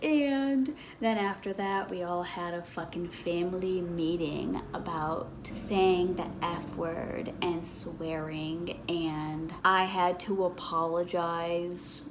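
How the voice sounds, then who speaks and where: A woman's voice: on the low side, steady tone, slow pace, few pauses, a little hiss or hum, low-quality recording. A woman in her twenties telling a personal story in a casual vlog, blunt and swearing freely. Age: 20s. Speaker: vlogger.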